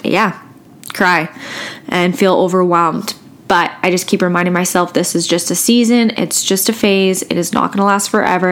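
A woman hosting her own podcast, talking casually and emotionally, halting and restarting as she holds back tears. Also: fairly low pitch, fairly bright tone. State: close to tears. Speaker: podcast host. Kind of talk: casual solo podcast talk.

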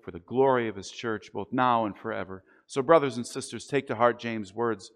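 A man preaching a sermon, earnest and deliberate, slowing down on the key phrases. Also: medium pitch, steady tone, a bit bright. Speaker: pastor.

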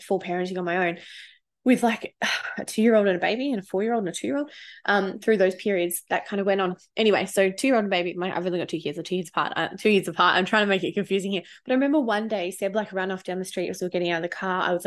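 A woman in her thirties, a parenting coach telling personal stories in a casual, candid way, swearing freely and getting emotional. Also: mid-range voice. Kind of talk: casual storytelling vlog.

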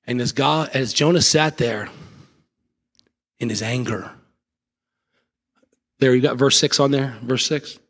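A man's voice: medium pitch, steady tone, measured pace, long pauses, fairly bright tone, big-room sound. A male pastor preaching a fervent, repetitive sermon.

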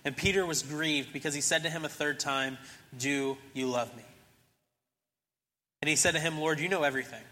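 Young male pastor with a bright, ringing voice. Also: on the high side, moderate pace, long pauses, in a large hall. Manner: casual storytelling, acting out characters in the story. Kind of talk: sermon.

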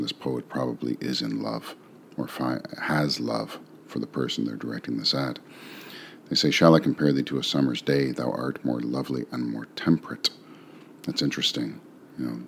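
A man reading a sonnet aloud, then talking through its meaning in a relaxed, musing way with rhetorical questions. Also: a bass voice, vocal fry, slight background noise. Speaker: poetry reader and explainer. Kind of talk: poetry reading and casual commentary.

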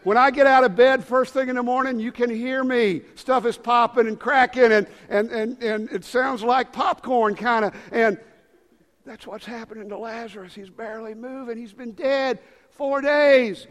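High-voiced preacher man in his fifties. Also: steady tone, measured pace, clean tone. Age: 50s. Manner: dramatic, swings from loud calls to hushed low lines. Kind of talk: sermon. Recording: long hall reverb.

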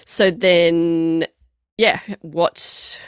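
A woman hosting an interview in a relaxed, chatty way with many fillers. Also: fairly low pitch, extremely slow, clear, resonant tone, dry recording, clean studio sound. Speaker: podcast host. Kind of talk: casual interview.

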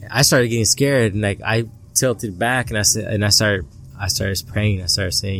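A man telling a personal story as an interview guest, halting and repeating words, recorded outdoors at a family barbecue. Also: fairly low pitch, fairly even intonation, a bit bright. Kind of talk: casual storytelling.

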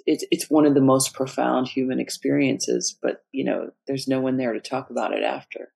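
A middle-aged woman, a memoir author, telling personal stories in a casual interview, animated and often laughing. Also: extremely low pitch, moderate pace, vocal fry.

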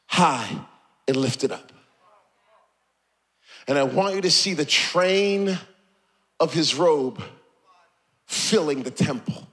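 A male pastor preaching a passionate sermon, repeating phrases and building to shouts. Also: a little high.

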